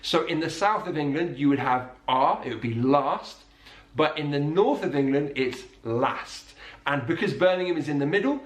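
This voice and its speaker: A man teaching English accents in scripted narration, slowing down to demonstrate sounds. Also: on the high side, lively intonation. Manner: explanatory, demonstrates sounds slowly. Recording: roomy echo.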